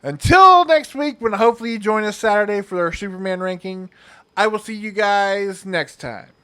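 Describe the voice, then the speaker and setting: A man's voice: high-pitched, fairly even intonation, a little fast, a bit bright, clear, resonant tone. A young man hosting a casual movie review, rambling and sarcastic, with many fillers.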